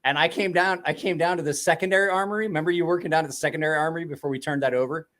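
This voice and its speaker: A man's voice: a little high, fairly even intonation, racing, a bit bright. A man in his forties telling rambling stories in casual, profane chat, swearing constantly and laughing often. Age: 40s. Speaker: podcast host.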